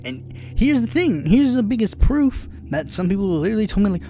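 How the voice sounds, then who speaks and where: A young man hosting a casual political commentary show, sarcastic and animated, talking with lots of fillers. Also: high voice, a little fast, a little hiss or hum. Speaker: political podcast host.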